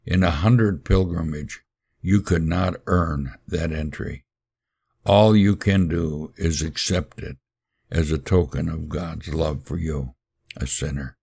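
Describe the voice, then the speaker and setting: A male podcast preacher tells a sermon story in a solemn, measured way. His voice sits extremely low with a gravelly edge, and his pace is slow and deliberate. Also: darkish tone.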